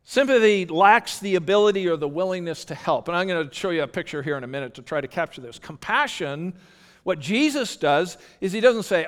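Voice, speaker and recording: A man's voice: sits high, lively intonation, brisk. A man preaching a sermon as pastor, earnest and conversational, often restarting his sentences. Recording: long hall reverb.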